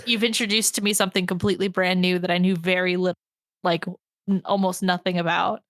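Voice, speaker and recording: A woman hosting a podcast, chatting casually and gushing with bubbly excitement. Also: fairly low pitch, fairly quick, no echo, clean studio sound. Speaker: podcast host. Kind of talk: casual chat.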